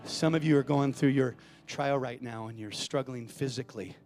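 A man's voice: mid-range voice, normal speed, darkish tone, faint music behind. A man preaching a sermon as a pastor, emphatic and calling out to the congregation in a church.

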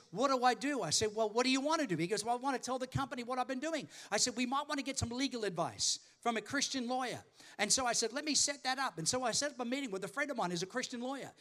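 A middle-aged Australian man preaching a sermon, telling a story with acted dialogue, calling for responses and building to emphatic shouts. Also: sits high. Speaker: pastor.

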